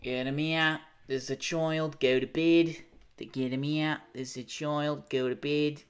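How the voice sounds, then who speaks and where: A man putting on a mock Australian accent for a gruff, impatient grown man, barking short, repeated orders. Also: on the high side, steady tone, measured pace, pitched above the performer's own voice, close to an everyday voice. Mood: bossy. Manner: curt, repetitive barked orders.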